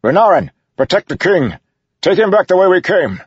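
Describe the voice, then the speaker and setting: A man's voice: low voice, moderate pace, slightly rough, no room sound. A man voicing a commanding older warlord who bellows orders, in an audiobook reading. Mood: shouting commands. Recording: dull lo-fi audiobook recording.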